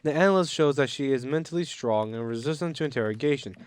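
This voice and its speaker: A man narrating a game, reading test reports aloud slowly and deliberately, now and then coughing. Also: medium pitch, clear, resonant tone. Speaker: gaming channel narrator.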